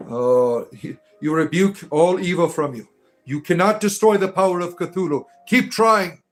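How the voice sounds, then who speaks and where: A man's voice: sits high, a little slow, soft background music. A man hosting a satirical livestream, reading comments aloud and answering them with sarcastic taunts and mock-grandiose proclamations. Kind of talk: mocking comedic livestream commentary.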